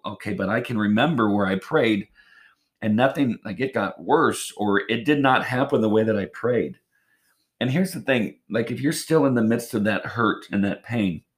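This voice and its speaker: Earnest low-voiced male preacher. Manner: conversational, earnest, with frequent restarts and scripture readings. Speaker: pastor. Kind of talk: sermon.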